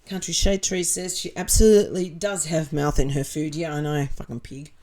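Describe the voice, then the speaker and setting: An Australian woman chats casually as a livestream host, reading out viewer comments and replying bluntly, with sarcasm and the odd swear word. Her voice sits on the low side and has a mellow, warm tone. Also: steady tone, moderate pace.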